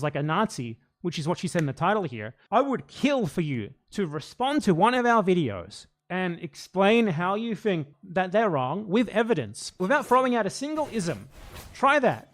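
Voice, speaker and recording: A man hosting reaction commentary, exasperated and argumentative, swearing often as he rebuts. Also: high-pitched. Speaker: commentary channel host.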